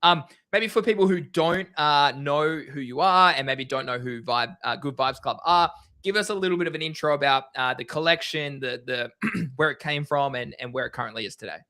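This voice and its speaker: Bright Australian host, chatty and friendly. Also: male voice, fairly high pitch, a little fast. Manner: chatty, friendly, says "mate". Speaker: livestream host. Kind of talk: casual livestream chat.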